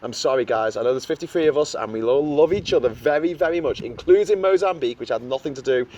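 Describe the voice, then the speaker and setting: A man's voice: mid-range voice, fast, darkish tone, far from the mic, dull audio. A man from the UK hosting a casual political podcast, explaining with confidence and drifting into tangents. He is recorded outdoors in the wind. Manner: chatty, digressive, confident explainer. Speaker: podcast host. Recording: faint background noise, outdoors with wind.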